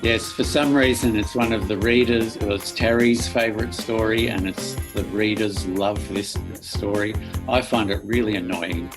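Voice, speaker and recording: A man, a children's author, reading a picture book aloud to children in a playful, theatrical way with loud barks, over an online link from home. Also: on the low side, fairly even intonation, normal speed, hardly any pauses, over music.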